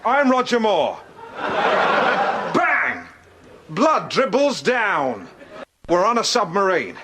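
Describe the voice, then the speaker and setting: An actor giving us a preening, excitable middle-aged broadcaster who reenacts a film scene with sung themes and mouthed gunshots. His voice sits very high. The clip is buried under heavy, loud noise. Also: extremely slow, heavily acted. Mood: gleeful. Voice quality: theatrical retelling with sung and mouthed sound effects. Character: pompous, excitable middle-aged male TV presenter. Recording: loud noisy clip from a TV show.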